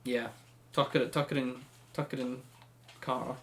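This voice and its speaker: Man, podcast host, casual chat, animated storyteller, average pitch. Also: normal speed, slight background noise. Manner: chatty, animated storytelling with laughs.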